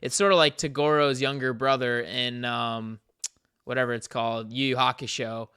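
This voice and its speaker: A man chatting casually about anime on a podcast, rambling and animated and laughing often. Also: mid-range voice, normal speed, clear, resonant tone, no room sound, studio quality. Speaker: podcast co-host.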